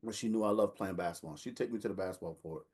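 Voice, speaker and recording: A man, telling a lively family story in casual chat and acting out the voices of the people in it. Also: fairly low pitch, quick pace, slightly rough. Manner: animated storyteller, acts out quotes, laughs while telling. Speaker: older brother telling a story.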